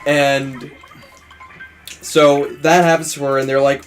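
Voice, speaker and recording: A man's voice: on the high side, moderate pace, soft background music. A man hosting a let's play, casually retelling a movie plot with acted-out quotes and some swearing. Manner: animated storytelling, acting out quotes, swearing, laughing. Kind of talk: casual movie recap over gameplay.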